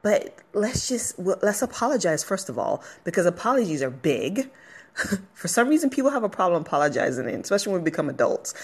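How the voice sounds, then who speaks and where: A woman hosts her own podcast from her workplace, where a dog barks nearby, giving casual motivational talk that's emotional, encouraging, and a little rambling. Her voice is lowish and husky, with big pitch swings and a fairly quick pace.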